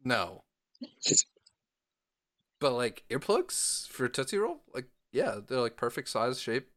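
A man's voice: mid-range voice, big pitch swings, slow, a bit bright. Playful rambling male podcast co-host. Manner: playful, rambling, lots of fillers. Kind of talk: casual podcast chat.

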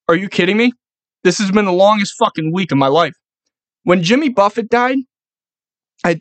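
A man's voice: a little high, dry recording. A young man hosting his own podcast, ranting casually with lots of swearing and rowdy hype. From New York. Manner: profane, rowdy, hyped-up ranting. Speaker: podcast host. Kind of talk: casual solo podcast monologue.

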